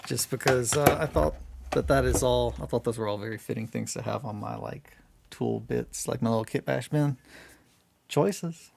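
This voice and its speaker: Gravelly-voiced man rambling on a stream. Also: mid-range voice, normal speed, darkish tone, slight background noise. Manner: meandering, laughs often, swears casually. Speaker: hobby livestream host. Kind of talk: casual rambling chat.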